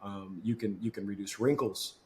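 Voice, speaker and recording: A man telling lively sales stories in a casual podcast chat, acting out customers in quoted voices. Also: fairly low pitch, moderate pace, a little hiss or hum. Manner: animated, acts out customers and coworkers in quoted voices. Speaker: podcast guest, marketing executive.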